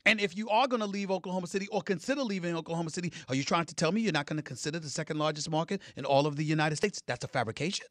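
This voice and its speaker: A middle-aged man giving heated sports commentary, emphatic, swinging between loud declarations and low, intense remarks. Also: rapid-fire, hardly any pauses, no room sound, studio quality.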